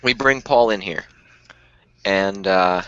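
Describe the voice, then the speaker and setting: A man's voice: low-pitched, slow pace, fairly bright tone, clear, resonant tone, lo-fi sound. A man playing a tabletop game, casual and joking, often laughing. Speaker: player.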